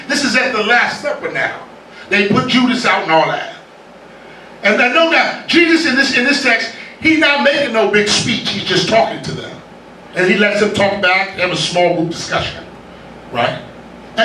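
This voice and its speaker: Male pastor, animated preaching with jokes, bright voice that swings widely, slight room noise. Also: high-pitched. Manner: lively, joking, with laughter from the congregation. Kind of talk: sermon. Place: church sanctuary. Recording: echoey church room from a distance.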